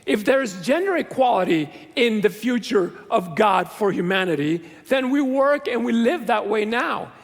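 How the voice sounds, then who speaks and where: High-voiced, gravelly male pastor preaching. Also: animated, moderate pace, hardly any pauses. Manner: earnest, conversational preaching with self-deprecating humor. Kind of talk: sermon. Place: large church sanctuary. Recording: long reverb of a church hall.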